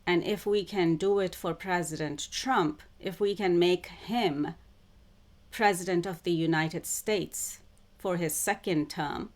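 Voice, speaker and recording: A woman who calls herself a psychic channeler, talking to camera in a spiritual monologue, with slow, deliberate phrasing that keeps circling back to the same words. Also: lowish voice. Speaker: self-described psychic channeler.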